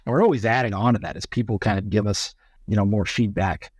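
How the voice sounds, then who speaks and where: A man's voice: on the low side, quick pace, a little mellow, breathy edge, dry recording, clean studio sound. A man as a podcast guest, explaining his company's product in an upbeat, plain-spoken way. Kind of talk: casual podcast interview.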